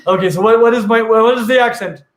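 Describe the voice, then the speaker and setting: A man chats casually as a show host, playful and quick to slip into silly animal voices. His voice sits fairly high for a man. The room adds a noticeable echo. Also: crowd noise. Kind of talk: casual livestream chat. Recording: roomy echo.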